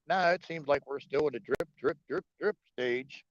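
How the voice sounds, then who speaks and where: A man's voice: a little high, normal speed, no room sound. A man co-hosting a livestream, chatting casually, joking, swearing and laughing often. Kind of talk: casual political chat. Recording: dull lo-fi stream audio.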